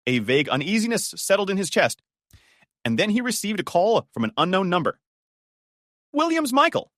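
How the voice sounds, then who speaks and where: A man's voice: sits high, sing-song, a little fast, a bit bright, no echo, studio quality. A man doing scripted dramatic narration in an emphatic manner.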